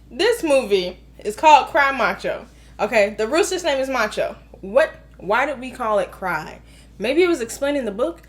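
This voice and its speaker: A woman's voice: high-pitched, fairly bright tone. A woman in her thirties giving an emphatic, exasperated casual film review, repeating herself for effect. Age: 30s. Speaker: movie reviewer.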